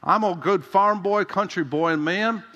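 A man voicing a folksy old male preacher with a slow Southern US drawl. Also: high voice, sharp tone, highs cut off, voice pushed up. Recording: long hall reverb.

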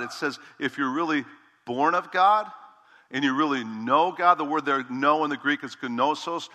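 A middle-aged man preaching a sermon as a pastor, emphatic, slowing down and stretching key words for weight. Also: mid-range voice, sharp tone, long reverb tail.

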